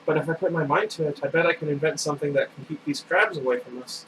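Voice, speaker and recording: A man reading a book aloud, voicing a bright, determined teenage girl inventor in a raised, earnest voice. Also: on the high side, fast, close to an everyday voice. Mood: apologetic. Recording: distant mic with air conditioner hum.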